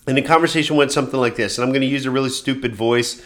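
A man hosting a solo podcast with a mid-pitched voice. He talks in a conversational, fairly monotone way and often trails into fillers and restarts. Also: very fast. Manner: calls his own voice monotone. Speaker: podcast host.

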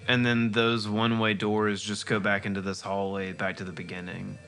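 A man chatting casually while playing a video game, rambling and excitable. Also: lowish voice, normal speed, faint music behind. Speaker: let's play co-host. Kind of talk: casual gameplay chat.

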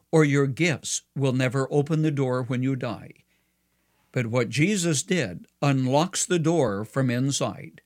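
A man delivering a scripted devotional radio commentary in an earnest, measured and persuasive way. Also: medium pitch.

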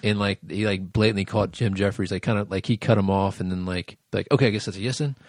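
Low voiced dude on a podcast, swears a lot, says like constantly, dry sound. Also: male voice, fairly even intonation, fast, a little mellow, dry recording. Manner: loose storytelling with lots of likes, crude. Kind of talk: casual podcast chat.

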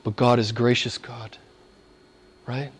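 A pastor delivers a sermon to his congregation, speaking slowly in a mid-range voice that barely moves in pitch, with a faint hiss or hum on the recording. His style is emphatic and repetitive, and he often checks in with "right?"

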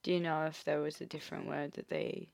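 A woman's voice: sits low, level tone, quick pace, gravelly, a little mellow, no echo. An Australian woman co-hosting a casual word-origin chat in a studio, playful and full of questions. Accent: Australian English. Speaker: podcast co-host. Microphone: studio mic.

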